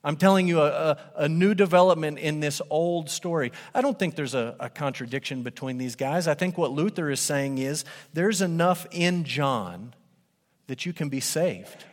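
A man preaching a sermon as pastor, animated and conversational, speaking to a congregation in a church. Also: fairly high pitch, normal speed. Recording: long hall reverb.

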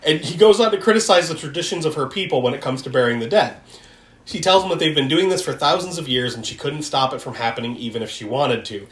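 A podcast co-host in a casual film recap chat, animated, laughing often and swearing while acting out quotes. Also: medium pitch, quick pace. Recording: echoey room.

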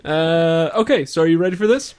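A man's voice: a little high, fairly quick, darkish tone, smooth. A man co-hosting a casual podcast chat, upbeat and laughing often as he runs a trivia quiz. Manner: giggly, upbeat, quizzes his co-host. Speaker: podcast co-host.

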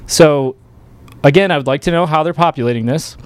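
A man hosting a live political talk show, speaking in an animated, emphatic way. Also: fairly high pitch, a little fast, clear, resonant tone, no room sound. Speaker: host.

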